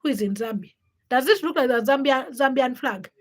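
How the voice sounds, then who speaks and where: A woman's voice: high voice, brisk, low-quality recording. Chatty young woman hosting a live stream. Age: young adult. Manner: chatty, laughs often, greets commenters by name. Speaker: livestream host. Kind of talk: casual live stream chat with viewers.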